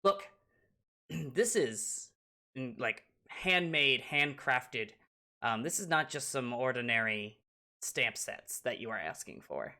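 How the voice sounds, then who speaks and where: A game master voicing a proud, brisk shopkeeping mother who speaks firmly and insistently while haggling. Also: medium pitch, expressive, sharp tone, heavily acted.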